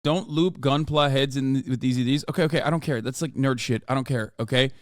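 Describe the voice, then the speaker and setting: A man's voice: medium pitch, fairly quick, dry recording, clean studio sound. A man hosting a live stream, reacting to a clip with casual, profane, mocking commentary.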